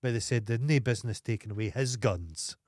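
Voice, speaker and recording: A man's voice: mid-range voice, fairly quick, darkish tone, dry recording, studio quality. A Scottish man co-hosting a podcast, chatting in a laid-back way and swearing freely. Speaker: podcast co-host. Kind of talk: casual chat.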